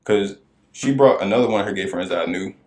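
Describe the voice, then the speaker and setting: A man co-hosting a podcast, telling a story in casual chat and acting out the people in it. His voice cracks high now and then. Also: quick pace, echoey room. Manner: animated storyteller who acts out quoted voices. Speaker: podcast co-host.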